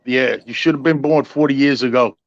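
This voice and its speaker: A man's voice: medium pitch, fairly quick, dry recording, muffled recording. An older man chatting casually as a guest, nostalgic and rambling, often calling people "man.". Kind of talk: casual chat.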